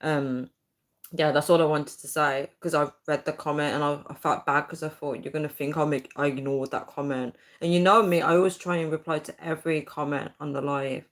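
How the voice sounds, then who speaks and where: Her voice is low and steady, and she talks at a brisk clip. A young livestream host, she reads out comments from viewers in a loose, rambling chat, breaking into giggles now and then.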